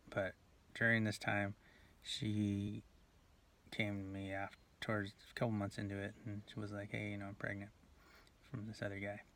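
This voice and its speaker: A man rambles through a personal story in a low, level voice that barely rises or falls. He stops and restarts often, with lots of fillers, and sometimes sinks to a hush. A faint hiss sits under the recording. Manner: halting, full of fillers and restarts, drops to near whispers. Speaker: video blogger.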